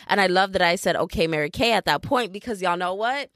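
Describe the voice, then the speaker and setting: A young woman hosting a podcast, telling a story in a casual, animated way and mocking other people in impressions. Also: on the low side, fairly quick, hardly any pauses, no echo, clean studio sound. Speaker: podcast host. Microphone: podcast mic.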